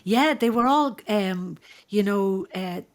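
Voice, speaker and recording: An Irish woman, a midwife, telling her experiences in a conversational podcast, halting with many fillers and restarts in an earnest, sorrowful way. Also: medium pitch.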